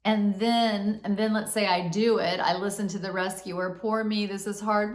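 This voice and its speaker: A woman's voice: medium pitch, fairly even intonation, a little slow. Woman, casual self-help talk, candid, swears, roomy echo. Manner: candid, swears, acts out inner voices. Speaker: podcast host.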